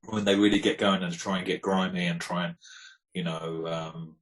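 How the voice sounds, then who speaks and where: A man's voice: low voice, little pitch movement, moderate pace, low-quality recording. A man, talking in a casual, rambling and reflective way as a guest in a conversation. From England. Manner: laid-back, rambling and reflective. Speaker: guest, hip hop producer.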